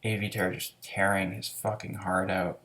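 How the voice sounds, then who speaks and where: A man with a lowish voice talks through an album in a loose, unscripted review. He rambles with plenty of fillers and false starts. His enthusiasm for the music comes through. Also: little pitch movement, moderate pace, fairly bright tone. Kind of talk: casual spoken album review.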